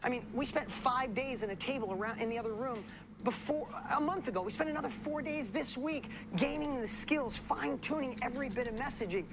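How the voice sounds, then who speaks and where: A woman's voice: high-pitched, brisk, background noise. Woman preaching from a stage. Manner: preachy, repeats key phrases, asks the audience questions. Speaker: motivational speaker. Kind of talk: motivational seminar speech.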